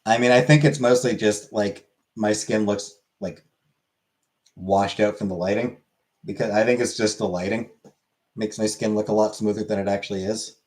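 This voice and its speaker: A man hosting a livestream, chatting casually and reading out chat messages in a laid-back, halting way that repeats itself. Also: fairly low pitch, steady tone, a little mellow. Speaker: livestream host. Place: small room lit by many studio lights.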